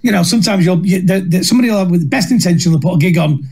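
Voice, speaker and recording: A middle-aged man with a Northern English accent, a comedian telling stories in a lively, self-mocking way and laughing through them. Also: high-pitched, racing, gravelly, slightly rough. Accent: Northern English, Manchester. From England. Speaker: comedian guest. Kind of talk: anecdotal storytelling.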